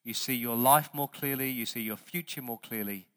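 A man pastor preaching a sermon, stressing words loudly and then dropping to quiet asides. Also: mid-range voice, normal speed. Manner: emphatic preaching, swings between loud stresses and quiet asides.

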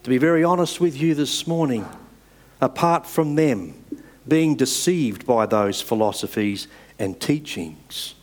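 A medium-pitched man preaches a sermon earnestly and in a measured way, rising for emphasis and softening at the ends of phrases.

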